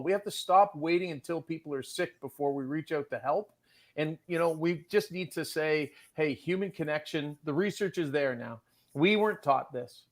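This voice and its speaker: A man in a casual panel chat, talking in an upbeat, motivational way and urging listeners to reach out to others. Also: a little high.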